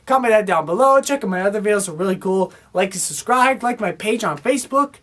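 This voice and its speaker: A woman's voice: medium pitch, lively intonation, quick pace, fairly bright tone. A woman giving a casual, exasperated movie review, rambling and full of fillers as she complains. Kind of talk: casual film review rant.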